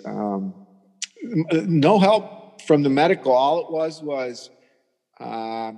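A man's voice: mid-range voice, a little mellow. Guy in his 60s telling his story, lots of restarts, echoey reverb. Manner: rambling, halting, many restarts. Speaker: patient guest. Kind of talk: conversational storytelling.

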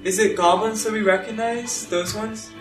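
Excitable high-voiced man at a game table. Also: normal speed. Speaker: player. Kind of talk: casual chat at a game table. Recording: echoey room with music underneath.

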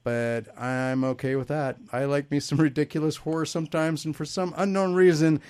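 A man's voice: fairly high pitch, fairly even intonation, moderate pace, darkish tone, clear, resonant tone. Wry joking male podcast host. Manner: jokey, wry, laughs at his own lines. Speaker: podcast host reviewing movies. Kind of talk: casual chat.

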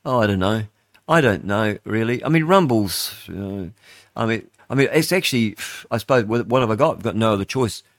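A man's voice: lowish voice, lively intonation, brisk, no echo, clean studio sound. An older man hosting a talk-radio show, rambling and chatty with lots of fillers and restarts. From New Zealand. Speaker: radio host. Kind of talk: casual talk-radio monologue.

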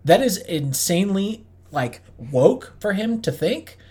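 A man's voice: sits high, big pitch swings, takes it slowly, a little mellow, husky. Candid man co-hosting a chat podcast. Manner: candid, thinks aloud with restarts. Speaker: podcast co-host. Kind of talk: casual chat.

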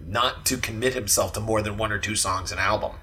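A man co-hosting a casual music podcast, chatty and animated, with plenty of fillers and restarts. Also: fairly low pitch, fairly quick, slight background noise. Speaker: podcast co-host.

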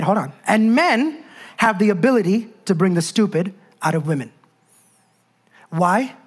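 A woman's voice: on the low side, slightly rough. A woman preaching a sermon in an emphatic, conversational way, full of rhetorical questions and asides.

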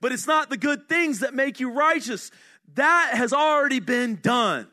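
A middle-aged man, a senior pastor, preaching a sermon in an earnest, conversational way, asking the congregation questions and dropping his voice for quiet emphasis. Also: extremely high pitch, animated, measured pace.

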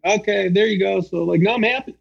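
A man's voice: sits high, fast talker, gravelly, husky, muffled recording. A man hosting a casual chat, rambling with many fillers.

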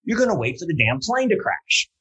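A man's voice: a little high, very animated, fairly quick, pushed and bright, breathy edge, rough recording. A man speaking as an interview guest, telling a story in a loose conversational way, full of fillers and restarts, then building to emphatic points. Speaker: guest speaker on safety culture.

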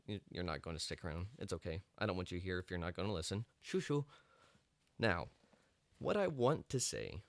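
A young man with a low voice that swings up and down a lot, talking bluntly and with jokes as he encourages his listeners. The sound is dry and close, with no room around it. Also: a bit bright, dry recording. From Texas Panhandle. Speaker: podcast host. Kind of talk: casual monologue.

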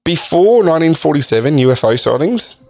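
A man co-hosting a casual podcast, reading facts from a list in a halting way with frequent ums. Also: on the high side, sing-song, darkish tone, faint music behind. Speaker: podcast co-host. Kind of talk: casual chat.

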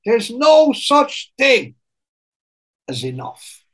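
A man's voice: very high-pitched, wildly swooping pitch, very slow, voice pushed up, heavily acted. A man putting on the voice of an older Irish male accountant with an Irish accent. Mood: emphatic.

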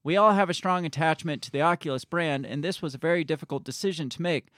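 A man's voice: on the high side, quick pace, a bit bright, no room sound, clean studio sound. A man co-hosting a casual talk stream, reading news aloud and adding his own blunt comments, often laughing and swearing. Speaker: co-host of a live-streamed talk show.

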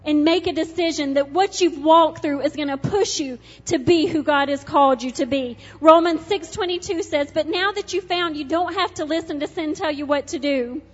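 Impassioned high-voiced woman preaching. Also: moderate pace, few pauses. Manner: impassioned, swings from loud urgency to hushed intimacy. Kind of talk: sermon. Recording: dull reverberant hall with soft music.

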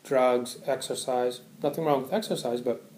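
A man's voice: medium pitch, fairly even intonation, moderate pace, a little mellow. Man giving a Dharma talk in a roomy hall. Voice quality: conversational, often asks "right?". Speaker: Buddhist Dharma teacher. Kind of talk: Dharma talk to a live audience. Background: audience laughter.

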